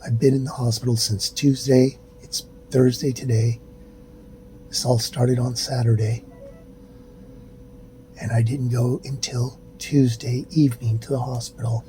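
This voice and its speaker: A tired, ill middle-aged man talks slowly into his phone from a hospital room, sighing and slipping into soft whispers. His voice sits at an ordinary pitch, with a steady low rumble behind him. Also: rough recording. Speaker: vlogger. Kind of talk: casual self-filmed update. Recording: steady rumbling background noise.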